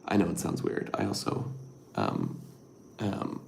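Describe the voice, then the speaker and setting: A middle-aged man hosting a casual livestream, reading viewer comments and rambling softly with lots of fillers. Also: low voice, huge pitch swings, a little slow, gravelly, slight background noise. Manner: rambling, soft-spoken, with many fillers. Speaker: livestream host.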